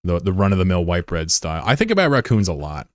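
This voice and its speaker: A man streaming a game and chatting casually, rambling and swearing, who jumps into high-pitched shouting when something excites him. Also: quick pace, no echo, studio quality. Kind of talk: casual live-stream chat over gameplay.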